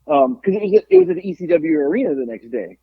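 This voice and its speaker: A man's voice: high voice, fast, creaky, breathy edge. A man on a podcast telling a wrestling story in casual, profane chat, acting out what others said. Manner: animated, profane, acts out quotes. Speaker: podcast guest, pro wrestler. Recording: dull lo-fi audio.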